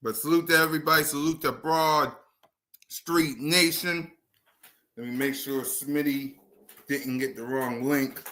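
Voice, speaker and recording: A man with a bright, fairly high voice hosts a casual sports stream from home. He greets viewers by name, keeps the energy up and sounds a little out of breath. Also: steady tone, measured pace. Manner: hypes viewers, shouts out names. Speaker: host. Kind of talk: casual livestream chat.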